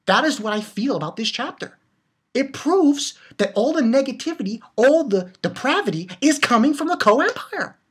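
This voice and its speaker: A woman's voice: high voice, expressive, moderate pace, a little hiss or hum. A woman giving a heated, profane rant while reviewing a manga chapter, blunt and repeating her points for emphasis. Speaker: anime reviewer.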